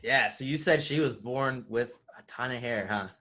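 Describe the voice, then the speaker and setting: A man's voice: mid-range voice, moderate pace, pushed and bright. A man hosting a podcast, asking easygoing follow-up questions in casual chat. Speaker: podcast host.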